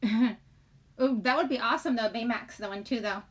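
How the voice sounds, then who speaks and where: A woman's voice: a little high, normal speed. Chatty, giggly woman livestreaming. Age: middle-aged. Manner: chatty, giggly, rambling, greets chat viewers. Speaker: livestream host. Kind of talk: casual livestream chat.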